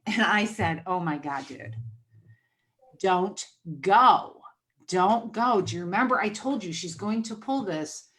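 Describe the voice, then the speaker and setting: A woman hosts a relaxed podcast conversation. Her voice sits in a middle pitch, and she animates her stories by playing out the dialogue she quotes. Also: moderate pace, hardly any pauses. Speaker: podcast host.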